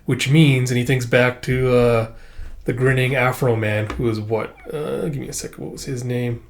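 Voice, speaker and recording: Casual male manga channel host, rambling reader, loose delivery, middling pitch. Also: steady tone, moderate pace. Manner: rambling with frequent "uh" and "like". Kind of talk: casual read-through and commentary.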